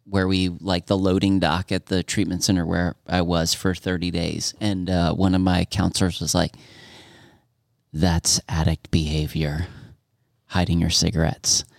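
A man talking as a podcast guest, halting, with lots of restarts and fillers. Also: low voice, little pitch movement, gravelly, dry recording, studio quality. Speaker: coffee company founder, podcast guest. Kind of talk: casual chat.

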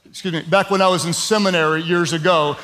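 A pastor preaching a sermon, conversational with "um" fillers, stressing points by repetition and dropping in humorous asides. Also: male voice, high-pitched, steady tone, fast talker, pushed and bright.

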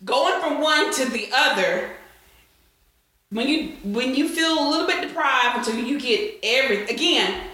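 A woman's voice: high voice, moderate pace. A young adult woman co-hosting an explicit casual podcast, telling crude stories with lots of laughter. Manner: crude, animated storytelling with frequent laughs. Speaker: podcast co-host. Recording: very echoey room.

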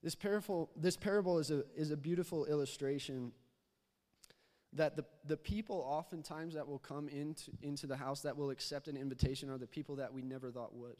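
Speaking a little fast, a young youth pastor preaches casually in a church sanctuary, his slightly mellow, higher voice holding a steady tone. He keeps repeating words and prompting the congregation for replies, all carried by long hall reverb.

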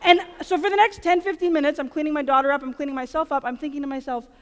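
Catholic speaker, woman, 30s, high voice, lively self-deprecating storyteller, reverberant auditorium sound. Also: rapid-fire. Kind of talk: storytelling conference talk. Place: large auditorium. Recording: long hall reverb in an auditorium.

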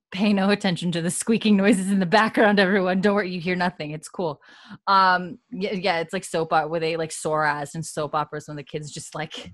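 A woman co-hosting a podcast, rambling and animated in casual recap chat. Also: on the low side, brisk, no room sound, studio quality. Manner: rambling, animated, laughs often. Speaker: podcast co-host.

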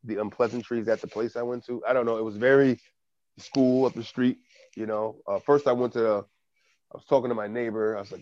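A man co-hosting a podcast, telling an animated story in casual chat and swearing often. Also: mid-range voice, brisk, no echo, muffled recording. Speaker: podcast co-host.

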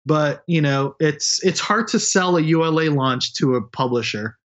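A man's voice: on the high side, expressive, moderate pace, a bit bright. Blunt, opinionated man on dull audio. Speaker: space journalist. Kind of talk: casual podcast conversation.

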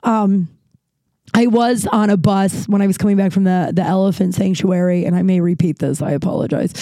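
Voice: mid-range voice, fairly even intonation, fairly quick, dark tone, no room sound. A podcast host telling a travel story in a casual, rambling way, full of restarts and filler words, swearing freely.

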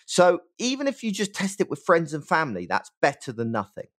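A man's voice: fairly high pitch, fairly quick. A middle-aged man with a West Country English accent, explaining design testing as an interview guest, emphatic and often checking in with "right?". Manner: animated, emphatic, peppers speech with "right?". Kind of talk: conversational interview.

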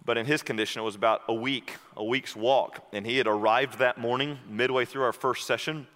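A man preaching a sermon, telling a story and then moving into a quiet, intimate prayer. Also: mid-range voice, fairly even intonation, fairly quick. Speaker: pastor. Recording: long hall reverb.

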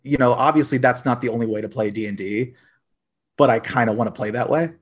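A man chatting casually as a podcast guest, rambling and filling pauses with "like". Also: medium pitch. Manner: rambling, heavy use of "like" fillers. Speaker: podcast guest, dice maker. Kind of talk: casual chat.

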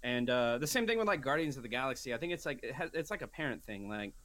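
A young man chatting casually on a podcast, rambling from one story to the next and throwing on voices when he quotes himself. His pitch sits right in the middle for a man. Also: animated, quick pace, a bit bright. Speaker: podcast co-host. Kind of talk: casual chat.

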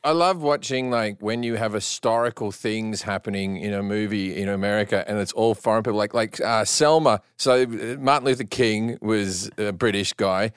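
A middle-aged man with an Australian accent, a podcast guest telling funny stories in an animated way, swearing freely. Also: fairly low pitch, moderate pace, few pauses, clean tone, no echo, studio quality. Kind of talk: casual storytelling.

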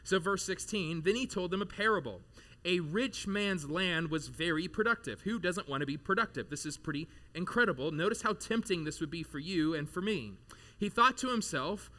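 Pastor guy in his 30s preaching in church, bright voice, kinda high, chatty asides. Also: moderate pace. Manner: conversational, animated, with casual asides. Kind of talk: sermon.

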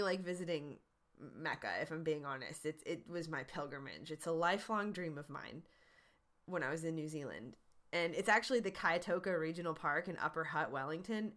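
A woman's voice: deep voice, a bit bright. A woman hosting a podcast, answering listener questions in an earnest, encouraging, conversational way. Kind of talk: casual advice talk.

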